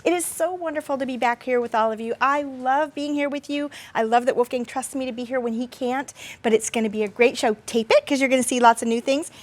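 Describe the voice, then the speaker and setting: Woman, high voice, gushing shopping-channel presenter, chatty demo. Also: quick pace, hardly any pauses. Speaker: guest presenter. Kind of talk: home shopping demonstration.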